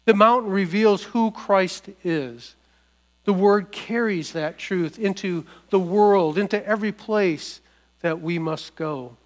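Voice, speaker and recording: A man delivering a sermon with a fairly high voice, pausing deliberately between short declarative phrases. He speaks slowly and steadily, and a faint electrical hum sits under the recording. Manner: measured, declarative preaching with deliberate pauses. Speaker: pastor.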